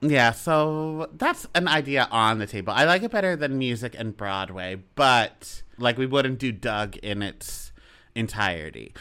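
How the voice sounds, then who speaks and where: A man's voice: medium pitch, bright, forceful tone, clear, resonant tone. A man co-hosting a podcast, chatting casually in a playful, dramatic way and laughing often. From Canada. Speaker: podcast co-host. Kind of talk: casual chat.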